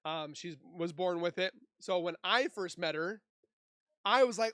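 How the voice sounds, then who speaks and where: A man's voice: sits high, unhurried, sharp tone, no room sound, clean studio sound. Chatty man hosting a livestream. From Minnesota. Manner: chatty, reads and answers chat aloud. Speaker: livestream host. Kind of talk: casual livestream chat. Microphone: desk mic.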